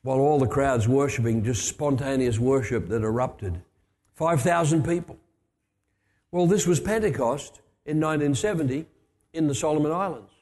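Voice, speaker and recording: An older man preaches a storytelling sermon in a warm, mellow voice, with chatty asides and restarts. His words ring out with a long hall reverb. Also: mid-range voice, normal speed.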